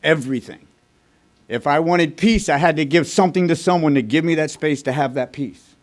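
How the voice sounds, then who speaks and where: A man from Texas with a voice pitched a little above most men's, speaking to a recovery meeting. He tells a personal story bluntly, with frequent swearing, moving quickly from one moment to the next. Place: recovery group meeting room.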